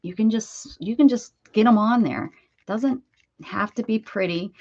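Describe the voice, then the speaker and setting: Husky woman chatting on a craft stream. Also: on the high side, unhurried, a little mellow, dull audio. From Pennsylvania, USA. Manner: chatty, laughing, coos baby talk to her dog. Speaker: craft livestream host. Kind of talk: casual live-stream chat while crafting.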